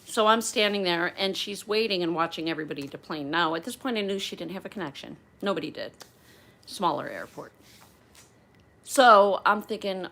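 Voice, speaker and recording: Animated woman telling a story on a livestream. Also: lowish voice, normal speed. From outside Philadelphia. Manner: animated, acts out the dialogue. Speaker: flight attendant and channel host.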